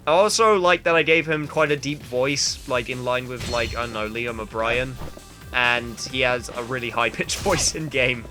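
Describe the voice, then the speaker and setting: A man's voice: medium pitch, moderate pace, over music. A man giving rambling, chatty commentary while playing a video game, now and then exclaiming at it. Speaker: gamer playing through a game. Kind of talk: let's play commentary.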